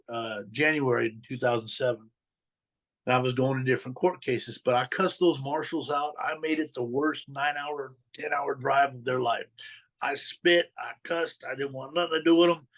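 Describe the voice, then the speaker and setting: A man's voice: medium pitch, normal speed, fairly bright tone, rough recording. A middle-aged man, a guest on a podcast, telling his life story candidly in blunt street slang and acting out the voices of the people in it. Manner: street slang, swears, acts out quoted dialogue.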